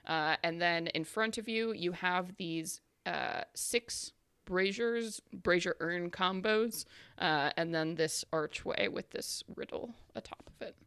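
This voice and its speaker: A woman's voice: lowish voice, takes it slowly, a bit bright, clean tone, no echo. A woman narrating a tabletop game as game master over a video call, chatty with many ums and uhs.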